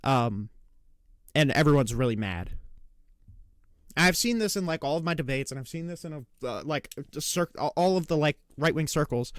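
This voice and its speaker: Man, reaction streamer, exasperated rant, swearing, slightly high voice. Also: lively intonation, no echo, studio quality. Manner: exasperated, rapid rants with profanity; mocking put-on taunts when quoting opponents. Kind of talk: casual political reaction commentary.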